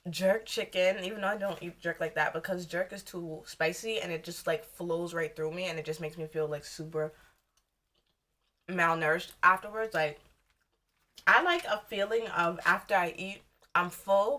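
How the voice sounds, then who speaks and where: A woman's voice: lowish voice, pushed and bright. A young woman, chatting casually and rambling while she eats for a mukbang vlog. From United States. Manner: rambling, loose and candid, talking while eating. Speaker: vlogger.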